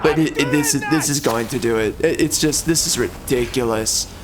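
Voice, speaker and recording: A man's voice: mid-range voice, normal speed, noisy background. A man giving let's-play commentary as a gaming YouTuber, exasperated and ranting.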